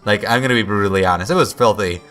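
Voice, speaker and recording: A man's voice: fairly low pitch, very fast, fairly bright tone, soft background music. A young man telling a rambling story while commenting on a game, often stopping to restart his sentences and quoting himself. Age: young adult. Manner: rambling, self-interrupting, quotes himself. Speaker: gameplay commentator. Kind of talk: casual storytelling over gameplay.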